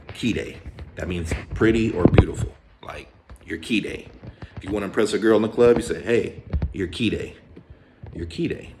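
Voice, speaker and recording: Deep-voiced laid-back man from Hawaii. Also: noisy background. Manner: relaxed, repeats words slowly, casual swearing. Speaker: vlogger teaching Japanese words. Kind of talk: casual slangy explainer.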